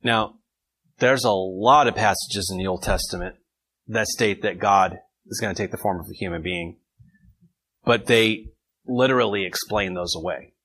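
A man's voice: on the low side, moderate pace, fairly bright tone, husky, low-quality recording. A man leading an informal Bible study, reading verses and taking questions from his group in a conversational way.

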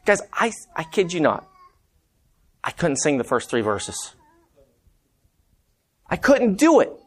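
A man's voice: on the high side, wildly swooping pitch, slow. A man preaching a conversational sermon, telling stories and calling the congregation "guys". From Montana. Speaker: preacher and math teacher.

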